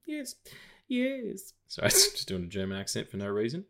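A man's voice: fairly low pitch, huge pitch swings, very fast, fairly bright tone. A man, co-hosting a casual film podcast, rambling with lots of fillers and restarts. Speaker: podcast co-host.

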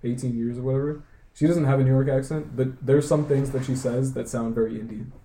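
A man's voice: mid-range voice, steady tone, fast, mellow, reverberant, a little hiss or hum. A young man co-hosting a casual podcast chat, rambling with lots of filler words, swearing and laughing. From United States. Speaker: podcast co-host.

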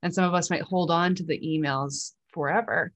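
Woman host, low-pitched, soft and reflective, dry close sound. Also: steady tone, brisk, no echo. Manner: gentle, reflective, searching for words. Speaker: podcast host. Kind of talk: empathetic conversational interview.

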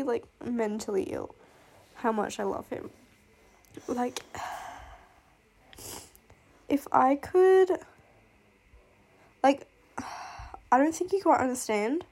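Gushing, rambling woman with a high-ish voice. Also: creaky. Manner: rambling, gushing, swears freely, breaks into laughs and sighs. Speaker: booktuber reviewing fictional love interests. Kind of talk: casual chat.

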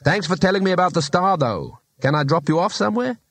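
A man voicing an eager, naive male tourist who asks excited, quick questions. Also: high-pitched, no echo, voice pushed up, exaggerated voice.

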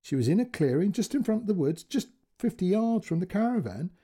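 A man's voice: high voice, big pitch swings, dark tone, husky, voice pushed up, exaggerated voice. A man voicing an older father on the phone who is frightened and close to tears, speaking shakily. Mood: distraught. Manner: shaky, apologetic, halting speech.

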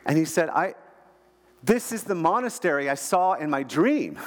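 A man's voice: on the high side, normal speed, big-room sound. A man giving a sermon to a church audience, telling mission stories with emphatic storytelling and restarting words as he goes. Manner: storytelling, emphatic, repeats words when excited. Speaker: guest speaker.

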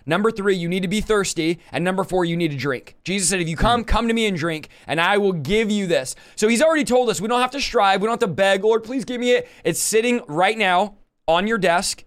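A man's voice: high voice, brisk, a bit bright. A man preaching energetically on a livestream from his desk, quoting scripture and laying out numbered steps. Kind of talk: livestream teaching. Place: home desk.

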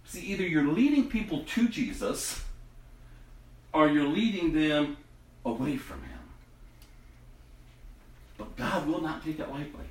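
A man preaching a sermon to his congregation, impassioned and dramatic, dropping to a hush and then rising to a loud cry. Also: a little high, reverberant. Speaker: pastor.

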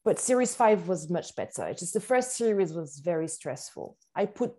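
A woman with a French accent, an actress chatting as an interview guest, animated and laughing easily. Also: fairly low pitch, normal speed. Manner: animated, sing-song emphasis, laughs easily. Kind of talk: casual interview chat.

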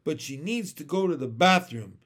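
A man's voice: a little high, lively intonation, normal speed, a bit bright. Storybook read-aloud: bossy older schoolgirl, raised and scolding, voiced by a male narrator. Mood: explaining. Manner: scolding, commanding.

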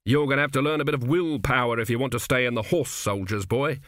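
A man's voice: medium pitch, quick pace, a bit bright, dry recording, studio quality, natural voice. A man voicing a blunt male army sergeant who talks brusquely and matter-of-factly. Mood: gruff.

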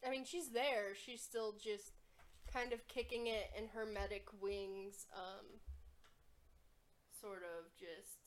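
Unhurried woman running a tabletop game. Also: medium pitch. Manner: relaxed, hesitant, lots of fillers. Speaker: game master.

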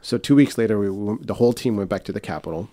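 This young male guest from the United States has a lowish, warm voice and talks fast, with no room sound in the recording. He's telling a meandering story in relaxed chat, stumbling over fillers and restarts while performing the voices of the characters.

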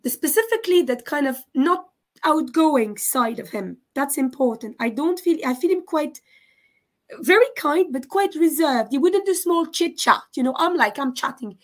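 A woman giving a live mediumship reading, halting and often stopping to check in with questions. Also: sits high, lively intonation. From France. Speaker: psychic medium.

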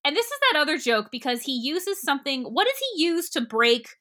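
A woman with a fairly high, bright, forceful voice retells a film in easygoing podcast chat. She is animated and chatty and often breaks into laughter as she walks through the scenes. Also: fairly quick. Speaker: podcast co-host. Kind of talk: casual chat recapping a film.

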